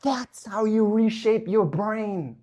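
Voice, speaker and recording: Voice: medium pitch, takes it slowly, warm tone. Intense coach talking mid-workout. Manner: intense and emphatic, swears for emphasis; talks while working out at the gym. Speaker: life coach. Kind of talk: motivational podcast talk.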